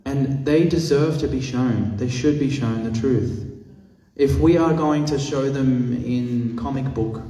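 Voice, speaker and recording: A man teaching a masterclass as an animal rights activist, telling a story with animated, acted-out quotes and frequent swearing. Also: mid-range voice, a little slow. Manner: animated, acts out quoted voices, swears freely. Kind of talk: storytelling lecture. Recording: echoey hall, mic at a distance.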